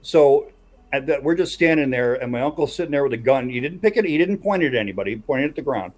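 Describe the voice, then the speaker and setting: A man's voice: medium pitch, animated, fast talker, a little mellow, a little hiss or hum. A man hosting a casual podcast chat who builds suspense as he tells a story. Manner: builds suspense while recounting a tale.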